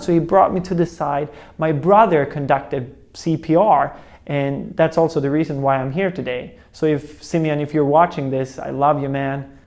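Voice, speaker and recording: A man's voice: on the high side, moderate pace, creaky, darkish tone. A young man telling a personal story in a motivational talk, acting out voices and sounds as he goes. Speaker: motivational speaker.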